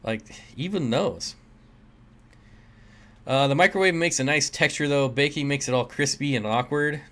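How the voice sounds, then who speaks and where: A man's voice: medium pitch, normal speed, bright, forceful tone. A man hosting a casual livestream, reading chat comments aloud and joking with viewers, often laughing. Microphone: desk mic.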